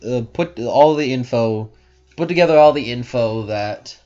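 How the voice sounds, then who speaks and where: A man's voice: mid-range voice, normal speed, dark tone, highs cut off. A man narrating a tabletop game as game master, explaining rules in a rambling way full of fillers.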